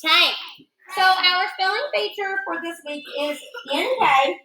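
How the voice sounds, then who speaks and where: A woman teaching a phonics lesson to a room of young children, patient and sing-song. Her voice sits high and bright. The classroom rings with echo around her. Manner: patient, sing-song, slowly drawn-out words. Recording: echoey classroom.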